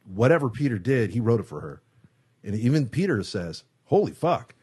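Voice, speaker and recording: A man with a fairly low voice tells a long story as a guest in a studio interview. He talks casually and swears often. He acts out what people said in the story. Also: fairly quick, slightly rough. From San Francisco Bay Area. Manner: animated storyteller, acts out quotes, swears freely. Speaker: guest guitarist.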